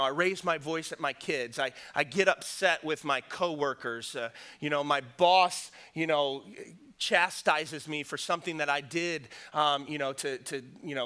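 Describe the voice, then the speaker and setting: A man's voice: a little high, bright, forceful tone. A middle-aged man preaching a sermon, earnest and conversational, often repeating words and using fillers before rising to emphatic points. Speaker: pastor.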